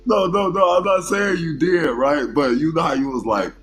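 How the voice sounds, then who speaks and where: A man's voice: fairly high pitch, normal speed, fairly bright tone, soft background music, poor audio. A man from Florida in a casual panel debate, talking loosely with lots of "like" and plenty of swearing. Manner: loose and profane, hedging with lots of "like".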